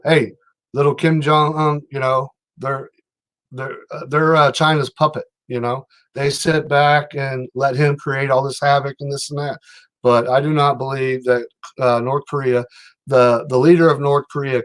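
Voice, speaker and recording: A man hosting a casual livestream, rambling and reading out viewer comments as he talks. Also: mid-range voice. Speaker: livestream host.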